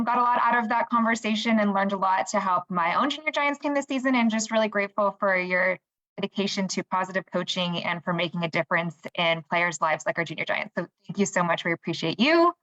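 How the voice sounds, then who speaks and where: A woman's voice: mid-range voice, pushed and bright. A woman hosts a live webinar, thanking the last speaker and introducing the next guest. She is grateful and hesitant, with many ums, and her audio is dull and lo-fi. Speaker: webinar host. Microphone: video call.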